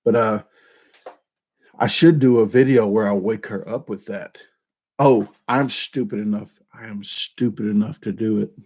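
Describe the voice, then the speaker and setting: A man's voice: fairly low pitch, fairly even intonation, unhurried, darkish tone, husky. A man hosting his own channel in casual, rambling chat, talking into a desk microphone and joking at his own expense. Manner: rambling, self-deprecating, with frequent restarts. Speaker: YouTube channel host.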